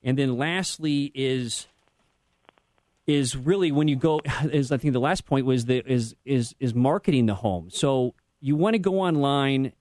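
A male realtor talking on air at an ordinary pitch, circling back and correcting himself as he goes. The studio sound is dry and close, with no room around him. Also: a little slow, darkish tone, dry recording. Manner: rambling, many restarts and self-corrections. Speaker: realtor guest. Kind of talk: radio interview advice.

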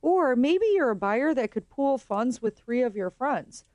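A woman's voice: sits high, expressive, unhurried, darkish tone, no echo, muffled recording. Chatty woman guest on radio. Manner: chatty, explanatory. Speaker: real estate guest. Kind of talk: radio interview. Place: radio studio.

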